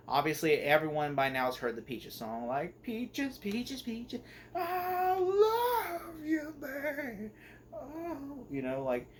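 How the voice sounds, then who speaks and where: A young man talks through a movie review in a loose, rambling way, restarting his sentences and leaning on fillers as he goes. His voice sits at an ordinary middle pitch, and a faint hiss of noise runs under it. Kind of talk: casual spoken movie review.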